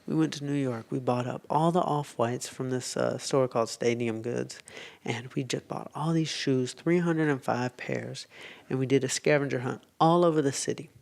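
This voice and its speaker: A man, a podcast guest telling a story with animated quotes and whispered asides. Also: mid-range voice, moderate pace, gravelly, few pauses.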